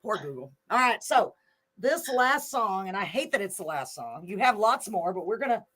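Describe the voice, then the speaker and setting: A woman's voice: medium pitch, very animated, moderate pace, a bit bright. An older woman hosts a radio chat show. She talks in an open, emotional way, laughing often and gushing over her guest. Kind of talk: casual chat.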